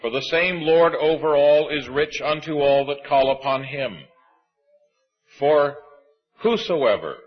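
A man preaching a sermon, reading scripture aloud and stressing key words slowly. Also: medium pitch, slightly rough, highs cut off. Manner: measured, emphatic preaching with slow stresses.

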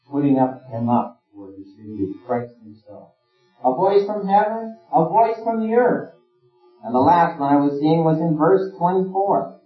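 Male preacher, earnest sermon delivery, voice a touch higher than most men, recorded from a distance, dull lo-fi sound. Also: expressive, unhurried. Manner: earnest, rising and falling emphasis. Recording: roomy, distant, dull lo-fi sound with faint music.

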